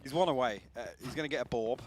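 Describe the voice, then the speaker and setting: A man's voice: mid-range voice, rapid-fire. A man giving color commentary on a live esports match, analytical with dry quips. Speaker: esports caster. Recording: broadcast mix with clear noise behind.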